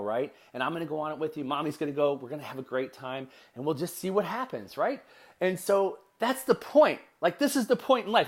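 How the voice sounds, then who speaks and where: Midwestern man, middle-aged, a touch high-pitched; earnest, chatty motivational podcast host. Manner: earnest, conversational, speaks directly to listeners. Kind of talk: casual motivational storytelling.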